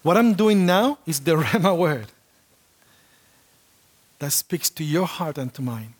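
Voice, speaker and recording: A man preaching a sermon to a congregation, telling a personal story with lively acted-out quotes. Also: fairly high pitch, unhurried. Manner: animated storytelling, acts out quotes.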